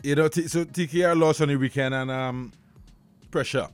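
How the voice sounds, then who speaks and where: A man with a Trinidadian accent, hosting a radio show with casual chat and live ad reads, animated and excitable. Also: on the high side, normal speed, over music. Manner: animated, excitable, slips into dialect rants. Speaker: radio host.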